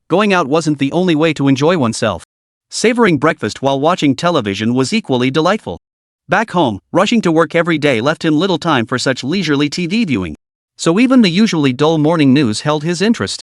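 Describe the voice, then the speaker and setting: A man reading a comic recap story as scripted narration, in a lively storytelling delivery. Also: a little high, no room sound, clean studio sound.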